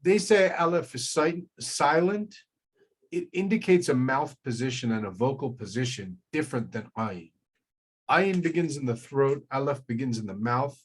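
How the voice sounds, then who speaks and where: A man teaching a live online language class, patiently explaining and demonstrating each sound slowly. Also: medium pitch, slightly rough.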